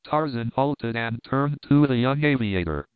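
Male audiobook narrator, measured, dry phone-like recording. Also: medium pitch, animated, smooth, no echo. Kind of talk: scripted narration. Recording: dry, tinny phone-like sound.

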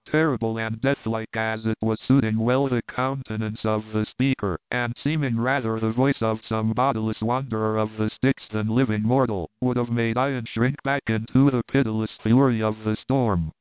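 A man narrating a classic novel in a measured, formal reading. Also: lowish voice, steady tone, clear, resonant tone, no echo. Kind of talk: audiobook narration. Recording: tinny phone-like dry sound.

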